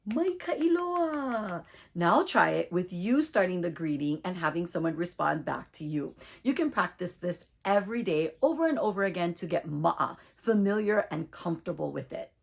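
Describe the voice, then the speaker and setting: A woman teaching a short online language lesson, speaking clearly and deliberately as she leads repeat-after-me drills. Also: fairly low pitch, lively intonation.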